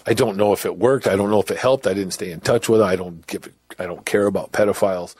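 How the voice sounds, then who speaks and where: Man, middle-aged, blunt personal storytelling, raspy voice, dead-dry sound. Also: lowish voice, fast talker, a little mellow, dry recording. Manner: candid, blunt, with laughs and restarts. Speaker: former inmate telling his story.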